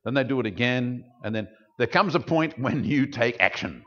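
A man preaching a sermon as pastor, explaining scripture and acting out quoted speech with big jumps in pitch. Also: expressive, normal speed, few pauses, a bit bright. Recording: dull lo-fi sound.

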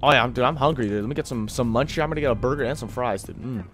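Man, gaming streamer, casual commentary, excitable, says dude a lot, medium pitch. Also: very fast, faint music behind.

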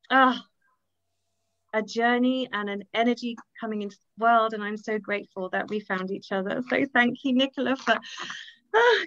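A woman's voice: a little high, fairly bright tone, no echo. An Irish woman hosting her own book launch on a video call, speaking in a gushing, grateful way and laughing often. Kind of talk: emotional casual talk on a video call. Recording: dull lo-fi video call audio.

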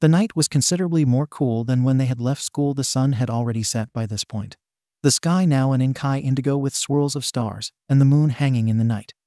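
Male fanfic narrator, steady and gentle, mellow tone, dry close sound. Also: mid-range voice, brisk, no echo. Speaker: story narrator. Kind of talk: fan-fiction audiobook narration.

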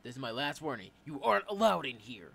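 A man's voice: mid-range voice, lively intonation, brisk, bright, forceful tone. A man voicing a stern security guard giving warnings.

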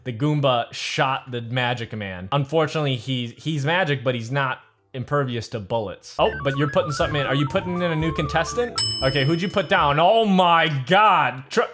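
A man hosting a comedic game video, talking to his character in an excitable way, mumbling one moment and shouting the next. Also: on the high side, normal speed. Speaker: host narrating a game video. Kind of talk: comedic gameplay narration. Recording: music playing in the background.

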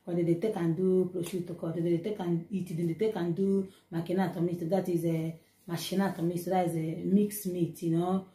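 A woman with a Nigerian Pidgin accent teaching vocabulary informally, repeating each word slowly and then chatting in Pidgin asides. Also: on the low side, level tone, dark tone, roomy sound. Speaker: language teacher.

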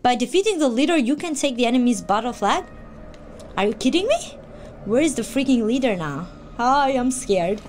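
A woman gaming YouTuber giving loud, excitable let's-play commentary, yelping, laughing and chatting with her viewers. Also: a little high. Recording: game music playing underneath.

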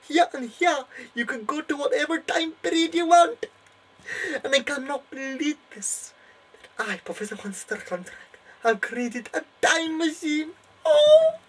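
A man's voice: a bit bright, exaggerated voice, rough recording. A young man doing a shrieking German mad professor. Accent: put-on German. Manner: shrill, theatrical, bursts into cries. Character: excitable German male mad professor inventor.

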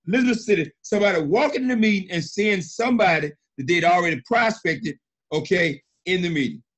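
A middle-aged man on a conference call, emphatic and animated, often repeating himself. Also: high-pitched. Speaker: senior partner and mentor. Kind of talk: excited conference-call praise.

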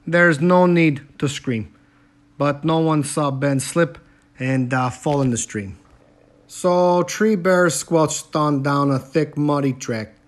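A man reading a children's picture book aloud, halting often with small fillers. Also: fairly high pitch. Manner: slow and halting, frequent "uh" fillers. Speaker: storybook reader.

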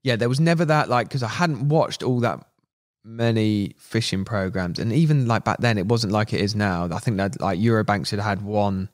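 A young man guesting on a podcast tells casual stories at normal speed with a fairly low voice. He's animated, talks in slang and acts out the quotes.

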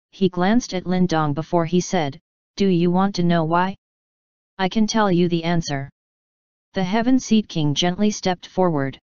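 Crisp low-voiced woman narrating audiobook. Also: a little mellow, no room sound, highs cut off.

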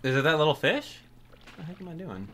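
A man giving casual, excitable gameplay commentary, thinking aloud as he plays. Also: a little high, quick pace, background noise.

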